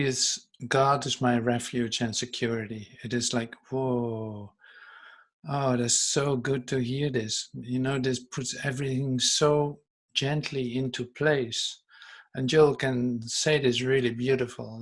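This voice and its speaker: A man teaching an online spiritual class, reading passages aloud and reflecting on them gently. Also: mid-range voice.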